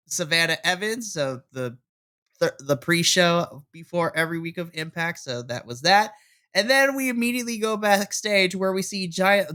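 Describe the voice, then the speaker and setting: A podcast co-host giving a casual, animated recap of a wrestling episode and laughing often. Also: medium pitch. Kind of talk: casual wrestling review chat.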